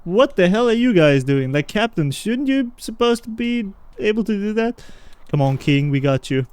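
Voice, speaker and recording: A man's voice: high-pitched, moderate pace, smooth. A man chatting casually as he plays through a game on stream, joking and talking to himself and his viewers. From Britain. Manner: animated, jokey, talks to himself and chat. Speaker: gaming streamer. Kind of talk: casual let's-play commentary.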